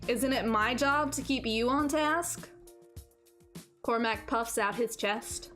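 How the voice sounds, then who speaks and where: A woman streamer reading a visual novel aloud and riffing on it, animated and playful, repeating phrases for laughs. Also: fairly high pitch, slow pace, soft background music. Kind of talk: let's-play commentary and visual novel narration.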